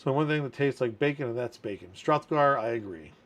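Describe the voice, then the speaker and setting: A man's voice: mid-range voice, lively intonation, a little fast, a bit bright. Chatty man hosting a livestream. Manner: chatty, reads viewer comments aloud and laughs often. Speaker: community manager hosting a livestream. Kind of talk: casual livestream chat.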